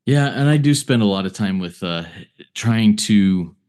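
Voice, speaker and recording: A man's voice: on the low side, expressive, measured pace, a little mellow, clean tone. A man co-hosting a recovery podcast, speaking thoughtfully and hesitantly. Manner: hesitant, thoughtful, many fillers and restarts. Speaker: podcast co-host.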